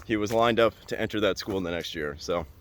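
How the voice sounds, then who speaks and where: A young adult man hosting a podcast, telling a story in a casual, animated way and repeating phrases for emphasis. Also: fairly low pitch, quick pace. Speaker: podcast host.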